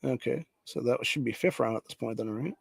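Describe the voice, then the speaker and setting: A man's voice: mid-range voice, brisk, gravelly, husky, dry recording. A man hosting a political podcast, ranting angrily and profanely, often saying "dude", and reading headlines aloud. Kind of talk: angry political rant.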